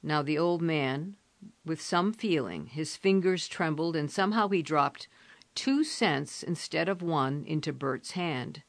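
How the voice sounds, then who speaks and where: A woman narrating a storybook in a measured, steady way. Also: deep voice, dry recording. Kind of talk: storybook reading.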